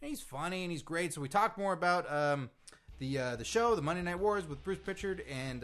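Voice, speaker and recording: A man's voice: a little high, animated, brisk, a bit bright, soft background music. A man co-hosting a wrestling comedy podcast, riffing playfully in casual chat. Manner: playful, riffing, mock-announcer bits. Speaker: podcast co-host.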